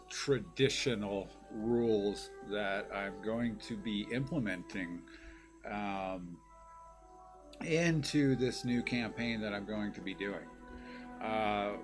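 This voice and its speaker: A man hosting his own channel, chatting casually and rambling with lots of fillers. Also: lowish voice. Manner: rambling, many fillers, laid-back. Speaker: YouTube channel host. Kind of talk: casual vlog chat.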